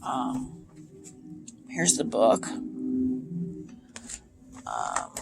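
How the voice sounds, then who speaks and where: A woman's voice: very deep voice, wildly swooping pitch, very slow, vocal fry, noisy background. A woman tarot reader chatting casually to her viewers, full of ums and asides. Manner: chatty, many ums, speaks of feelings. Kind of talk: casual chat to camera.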